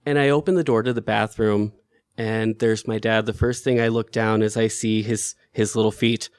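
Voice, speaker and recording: A man's voice: on the low side, level tone, moderate pace, clean tone, no room sound, studio quality. A man telling an emotional true story about his own life in an earnest way. His voice lifts sharply when he grows upset. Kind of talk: personal storytelling.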